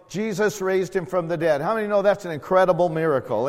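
A man preaching a sermon as pastor, telling the story in a folksy way with small jokes and building to loud, emphatic calls. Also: sits high, fast, few pauses, big-room sound.

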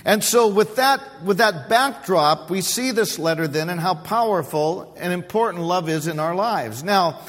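A man with a notably high voice preaches from the pulpit into a microphone. He explains scripture and poses questions to his congregation. The sound carries a long reverb from a large church hall. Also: animated, unhurried, hardly any pauses, a bit bright. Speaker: pastor. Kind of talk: sermon. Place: church sanctuary.

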